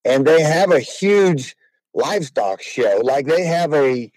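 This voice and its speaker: A rodeo clown telling a funny story in a casual, animated way and slipping into voices for the people he quotes. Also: a little high, takes it slowly, no room sound, rough recording.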